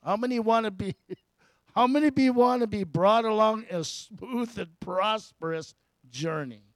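A man with a fairly high voice preaches a sermon in an easy, conversational way. He often puts questions to the congregation and chuckles between points. The sound is dry and close, with little room echo. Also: measured pace.

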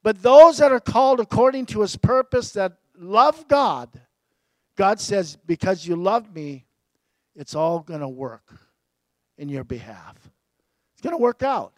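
High-voiced preaching man, dry close sound. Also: expressive, measured pace, no echo, rough recording. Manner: preacherly, rising to emphatic peaks and dropping low, laughing at himself. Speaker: pastor. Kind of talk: sermon.

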